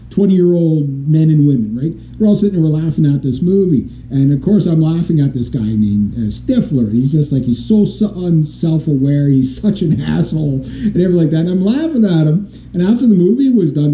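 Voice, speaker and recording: Rambling man vlogger, tinny echoey sound. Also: high voice. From Canada. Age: 40s. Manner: rambling, laughs often, many restarts. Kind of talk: casual opinion monologue.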